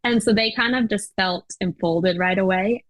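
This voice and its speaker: A woman's voice: medium pitch, normal speed, no echo, low-quality recording. Chatty American woman, dry sound. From United States. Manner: chatty, many fillers and laughs. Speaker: podcast guest. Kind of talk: casual interview chat.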